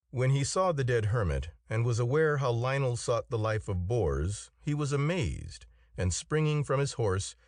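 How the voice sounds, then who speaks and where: A man narrating an old tale in a measured, expressive reading. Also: on the low side, no echo, studio quality. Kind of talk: storybook narration.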